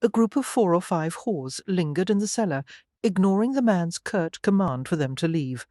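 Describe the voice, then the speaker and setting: An audiobook narrator giving a measured, even scripted reading of a romance novel. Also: mid-range voice, dry recording, studio quality.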